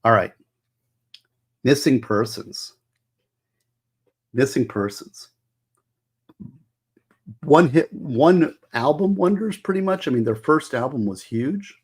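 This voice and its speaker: A man's voice: medium pitch, lively intonation, slow, pauses often, slightly rough. A man hosting a casual livestream about music, chatting with viewers in a rambling, enthusiastic way, full of trivia and restarted phrases. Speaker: host.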